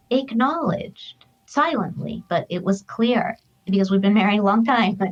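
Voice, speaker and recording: A middle-aged woman, an author and grief counselor appearing as a guest, tells a personal story in an earnest, emotional, reflective manner. Her voice sits mid-range, and the audio has its highs cut off. It's heartfelt, conversational storytelling.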